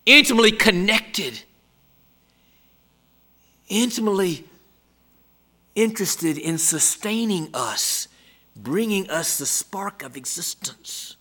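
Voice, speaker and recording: A man preaching a sermon, emphatic and dramatic, moving from loud exclamations down to hushed near-whispers. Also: sits high, lively intonation, slow pace, pauses often.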